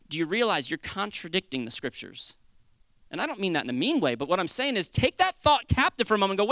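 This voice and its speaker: A male preacher giving an earnest, conversational sermon with dramatic shifts between loud and quiet. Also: sits high, very animated, fast talker, no echo.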